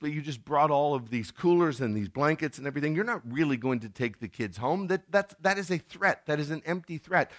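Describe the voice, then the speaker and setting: A middle-aged pastor with a mid-range voice delivers a sermon in a conversational tone. Now and then he acts out scenes in sudden loud bursts.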